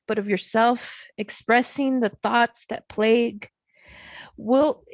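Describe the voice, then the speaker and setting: At an online open mic from her home, a woman reads her own poetry slowly and with measure, pausing between lines. Her voice is on the high side, with no room sound.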